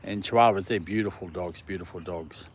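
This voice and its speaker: A man's voice: deep voice, brisk, a little hiss or hum. A man chatting casually on a live stream, talking to his dog and viewers and laughing often. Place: park outdoors in the evening.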